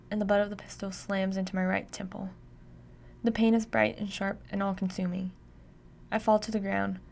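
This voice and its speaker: A woman giving steady, intimate first-person audiobook narration. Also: mid-range voice, creaky, slight background noise.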